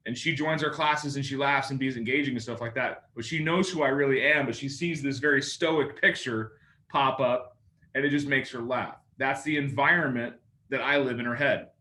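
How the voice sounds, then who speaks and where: A man teaching a coaching class on phone calls, lively and jokey, often acting out both sides of a call. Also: mid-range voice, moderate pace. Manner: lively, acts out phone calls in other voices. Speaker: sales coach.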